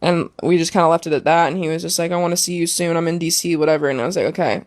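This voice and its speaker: A woman's voice: on the low side, fairly even intonation, very fast, no echo, clean studio sound. A young woman talking as a guest, telling an emotional personal story casually with many fillers.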